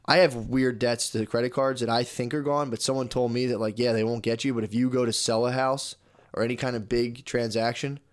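A young man in casual podcast chat, rambling through a story and swearing freely. His voice sits at an ordinary pitch, and he acts out both ends of phone calls as he goes. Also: steady tone, a little fast. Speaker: podcast co-host.

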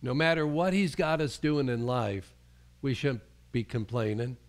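A man's voice: medium pitch, animated, a little slow. A male pastor preaching a sermon in a conversational way, often restarting his sentences and acting out the voices he quotes.

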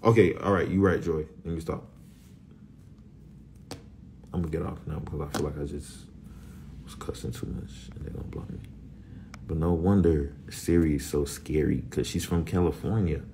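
A young man with a deep, low voice, talking loudly in a casual vlog. He swears freely and swings between loud bursts and quiet whispers. A faint noise sits behind him. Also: brisk. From Florida. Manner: energetic, loud and profane, jumping into whispers. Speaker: vlogger.

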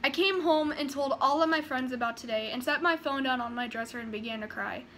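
A woman's voice: high voice, fairly quick, sharp tone. Woman vlogger, rambling and nervous, sighs often, faint background hum. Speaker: vlogger reading her own fan fiction. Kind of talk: casual chat and story reading.

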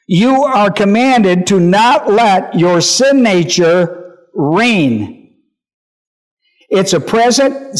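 Male pastor, high voice, emphatic Bible teaching, repeats points and checks the room. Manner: emphatic, repeats key phrases, checks listeners' understanding.

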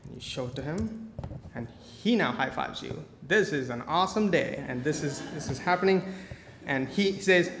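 Man doing a live coding talk, joking and lively, in a large reverberant hall. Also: fairly high pitch, moderate pace. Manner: playful, joking asides. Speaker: conference speaker. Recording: echoey hall, faint noise.

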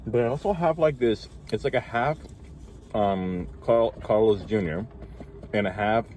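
A man's voice: fairly low pitch, measured pace, a little mellow, a little hiss or hum. A man co-hosting a food channel, chatting casually and mumbling while he eats in a parked car. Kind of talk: casual mukbang chat while eating.

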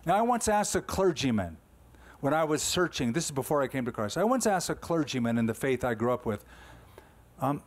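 A man's voice: medium pitch, big pitch swings, fairly quick. A man in his sixties, a pastor delivering a conversational, emphatic sermon full of rhetorical questions.

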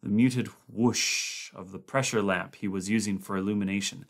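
A man reading a horror novella aloud, narrating plainly between expressive character voices. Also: lowish voice, moderate pace, creaky. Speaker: audiobook reader. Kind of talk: dramatic audiobook reading.

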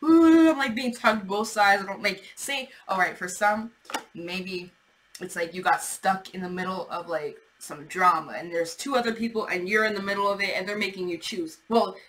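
A woman giving a casual, chatty tarot reading, animated and swearing as she acts out imagined replies. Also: medium pitch, normal speed, a little hiss or hum, low-quality recording. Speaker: tarot reader.

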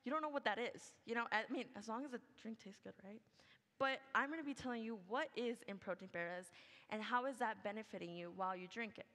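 A woman's voice: on the high side, quick pace, fairly bright tone. A young adult woman giving a senior project presentation, chatty and upbeat, full of "like" and "okay". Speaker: student presenter. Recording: long hall reverb.

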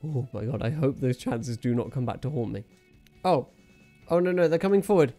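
A man giving jokey, excitable live commentary over a video game he is playing and talking straight to his viewers. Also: fairly high pitch, normal speed, faint music behind. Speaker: gaming channel host.

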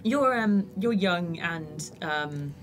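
A woman's voice: lowish voice, expressive, very slow, faint music behind. A woman playing a tabletop game, talking in a friendly way while searching for words. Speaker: player. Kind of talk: casual tabletop game chat.

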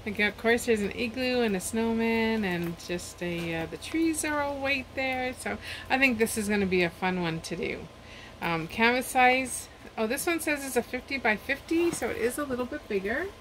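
A woman's voice: fairly high pitch, moderate pace, fairly bright tone, a little hiss or hum, low-quality recording. A woman chatting casually at home as she unboxes and reviews craft kits, rambling and trailing off mid-sentence.

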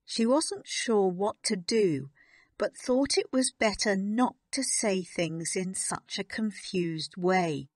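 A woman narrating a graded reader audiobook in a slow, clear and even manner. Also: medium pitch, dry recording, studio quality.

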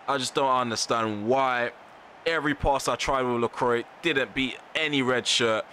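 A man's voice: medium pitch, normal speed, noisy background. A man commentating live over his football video game, ranting in frustration and repeating himself in slangy phrases. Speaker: gaming YouTuber.

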